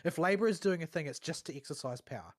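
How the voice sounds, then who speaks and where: A man's voice: on the high side, expressive, fast, dry recording. A man co-hosting a podcast in casual chat, opinionated and rambling with a dry wit. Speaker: podcast co-host.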